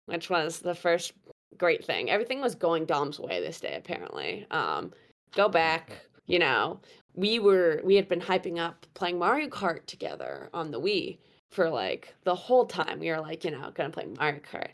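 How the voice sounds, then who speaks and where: A young woman telling a story in casual chat, animated and laughing, with plenty of fillers. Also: low voice, normal speed, creaky. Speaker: guest storyteller.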